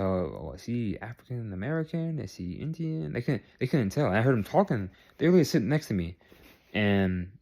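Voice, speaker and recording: A man's voice: fairly low pitch, a little mellow. A man vlogging in a casual, rambling way, repeating phrases and checking in with the viewer. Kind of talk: casual talk to camera.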